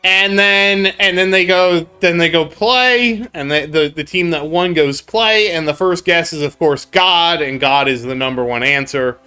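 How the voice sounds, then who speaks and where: A man's voice: on the high side, a little slow, few pauses, pushed and bright, clear, resonant tone, faint music behind. A man hosting a gaming channel, chatting casually over gameplay as a rambling storyteller who laughs often and repeats himself.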